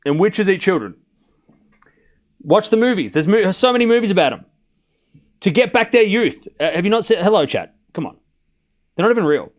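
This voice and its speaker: A man's voice: high-pitched, expressive, moderate pace, pauses often. A man livestreaming casual tennis play-by-play, calling scores and bantering animatedly with his chat.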